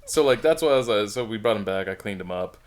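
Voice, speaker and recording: A man's voice: lowish voice, fast. Guy hyped up recounting his buddy's crash, laughing and cussing a lot. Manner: excited, laughing, profane. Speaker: podcast co-host. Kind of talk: casual chat.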